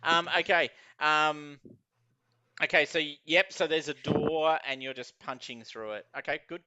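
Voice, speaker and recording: A man's voice: on the high side, steady tone, measured pace, sharp tone, smooth, no room sound. A man running a tabletop game as game master, rambling with many fillers and laughs, on a dull, lo-fi recording.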